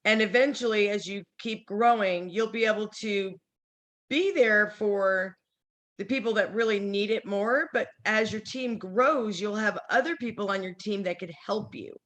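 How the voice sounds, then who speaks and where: A woman's voice: medium pitch, normal speed, fairly bright tone. A woman leading a casual team training call over video, chatty and encouraging, sometimes acting out sample conversations. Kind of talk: casual motivational training talk.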